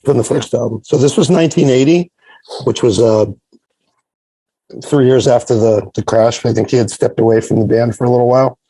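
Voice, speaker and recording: A man's voice: medium pitch, brisk, mellow, slightly rough, no echo, rough recording. A man presenting his record pick on a music chat show, talking hesitantly with many fillers. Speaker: regular presenter of a record segment.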